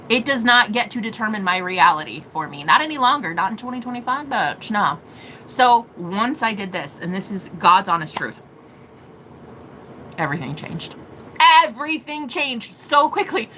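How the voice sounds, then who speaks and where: Bright, lively, swearing woman vlogger. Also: medium pitch, slight background noise, rough recording. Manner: profane, dramatic, laughing, rapid bursts. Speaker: spiritual reader and witch. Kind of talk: casual spiritual vlog monologue.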